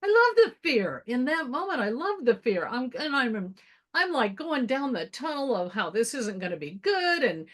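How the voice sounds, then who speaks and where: A woman participant in an online class, casually telling a story in an animated way. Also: high-pitched, normal speed. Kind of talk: casual group class talk.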